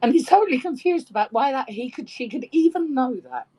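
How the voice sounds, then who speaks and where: A woman telling a joke with lively, animated delivery and some swearing in a casual online chat. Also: high voice, brisk, poor audio. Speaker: participant in an online audio chat room.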